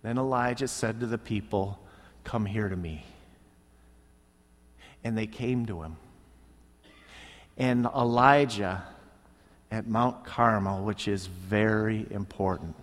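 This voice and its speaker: A man's voice: fairly low pitch, takes it slowly, long pauses. A man preaching a sermon, retelling a Bible story and acting out the characters' lines as he goes. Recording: long hall reverb.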